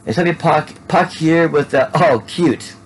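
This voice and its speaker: A man's voice: a little high, moderate pace, a little hiss or hum, rough recording. A man casually narrating an unboxing at home, rambling and tacking "there" onto his sentences. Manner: rambling, repeats "there" and restarts often. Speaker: Funko collector vlogger.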